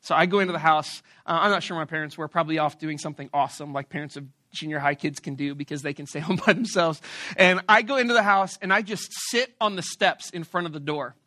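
A male pastor tells a story from the pulpit in a high, bright voice. He delivers it in an animated, playful way and pokes fun at himself. The recording is close and dry. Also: fast talker, no room sound. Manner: animated, playful, self-mocking. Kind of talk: storytelling sermon.

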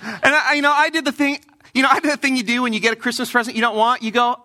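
A man preaching a sermon in church, telling a lively personal story and acting out the voices of the people in it. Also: very high-pitched, fast talker. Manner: animated storytelling, acts out quoted voices. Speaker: pastor.

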